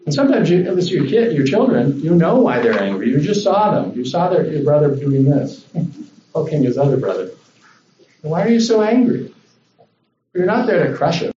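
A man gives a sermon in an easy, conversational style, and his voice lifts when he acts out the lines he quotes. His tone is mellow and warm. The recording is a little dull and roomy, with faint ambience behind him. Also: fairly high pitch, a little fast, recorded from a distance, a little hiss or hum. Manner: conversational, animated when voicing God. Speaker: guest preacher.

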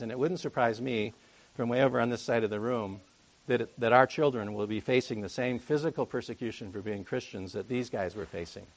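Guy giving a sermon, talks loose and jokey, keeps asking the crowd questions, medium pitch. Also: fairly quick. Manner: chatty, jokey asides and rhetorical questions. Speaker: preacher. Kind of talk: conversational sermon.

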